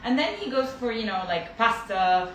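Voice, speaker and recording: A woman pediatric dentist chatting casually with a colleague, animated and laughing often as she acts out her young patients. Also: on the high side, moderate pace, a little hiss or hum. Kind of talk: casual chat. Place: dental clinic. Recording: echoey room, far from the mic.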